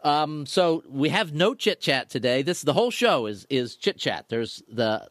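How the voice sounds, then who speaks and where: A man's voice: on the high side, big pitch swings, unhurried, no echo, studio quality. A man co-hosting a casual podcast chat, teasing his partner and rambling through restarts. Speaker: podcast co-host.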